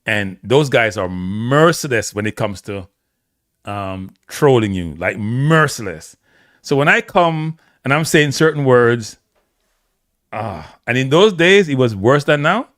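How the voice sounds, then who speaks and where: A middle-aged Jamaican man talks football in a relaxed, animated way. He tells long stories, repeats himself and laughs along the way. His voice sits at an ordinary pitch in a dry, close setting. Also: no echo. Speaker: show host. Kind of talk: casual football chat.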